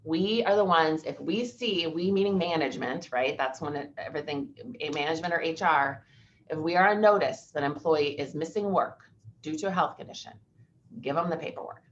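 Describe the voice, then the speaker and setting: A woman presents an employment law seminar. She speaks in a conversational, storytelling manner with a low voice. The recording is muffled, with faint noise behind her. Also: fairly quick.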